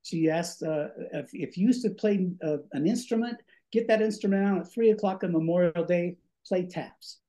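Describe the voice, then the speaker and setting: A man's voice: high voice, normal speed. An older man, a former radio DJ, telling stories as a guest, acting out voices and a bit short of breath. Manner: animated, acts out voices in his stories. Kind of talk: storytelling in a podcast interview.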